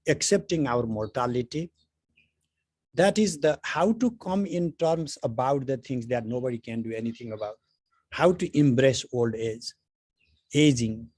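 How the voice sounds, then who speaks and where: A man's voice: medium pitch, animated, a little slow, darkish tone, no echo. Chatty middle-aged man teaching philosophy. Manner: chatty, anecdotal, many "you know" fillers. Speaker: spiritual teacher. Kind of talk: conversational philosophy lecture.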